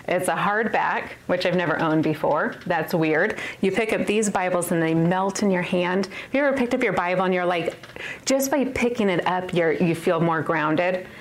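A woman's voice: lowish voice, moderate pace. A woman in her thirties giving a personal testimony to a women's Bible study, earnest and emphatic, often laughing at herself.

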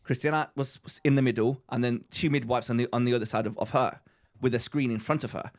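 A young man co-hosting a podcast, an excitable storyteller who laughs often while chatting casually. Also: medium pitch, quick pace. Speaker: podcast co-host. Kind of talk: casual chat.

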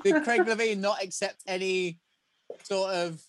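Guy with a high voice chiming in on a podcast, bit of hiss behind. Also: fairly even intonation, unhurried, rough recording. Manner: laughing, prompting questions. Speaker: podcast co-host. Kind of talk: casual chat.

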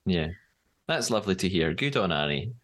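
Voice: deep voice, sing-song, normal speed. A podcast host who mostly listens with short replies and asks long, careful questions. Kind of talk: interview.

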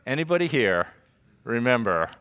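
A middle-aged man preaching a sermon to his congregation in an animated, joking, conversational way. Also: mid-range voice, moderate pace, smooth. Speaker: pastor. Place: church service before a congregation.

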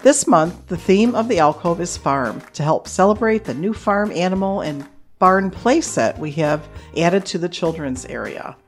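A woman from the children's department reading a scripted announcement in a measured way. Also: on the low side, lively intonation, faint music behind.

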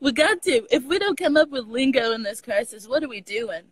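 Animated Texan woman, dry close sound. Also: fairly high pitch, a little fast, slightly rough, no room sound, poor audio. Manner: animated, laughs often, swears casually. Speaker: podcast guest. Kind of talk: casual conversation.

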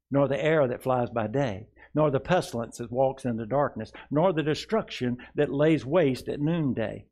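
A man's voice: mid-range voice, darkish tone. Man preaching call-and-response. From rural upbringing. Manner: leads the congregation in slow call-and-response declarations; reads scripture aloud, then asks "Amen?" and "All right?". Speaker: pastor. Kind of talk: sermon.

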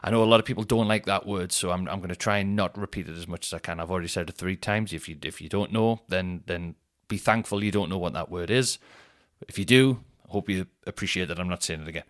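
A man's voice: low voice, fast. A man, hosting a podcast and telling rambling, sweary comic stories. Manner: sweary, rambling, animated retelling with shouted put-on quotes. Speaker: podcast host. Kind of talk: casual comedic storytelling.

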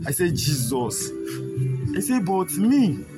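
A man's voice: sits high, expressive, moderate pace. A man with a Nigerian accent speaking emotionally and repetitively in street talk, pleading with his listeners. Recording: loud music behind the voice. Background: music.

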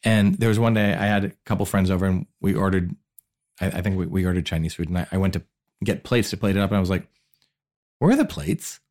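A middle-aged man telling stories in casual chat as a podcast guest, animated and self-deprecating, often stammering and repeating words. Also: low-pitched, quick pace. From Boston area.

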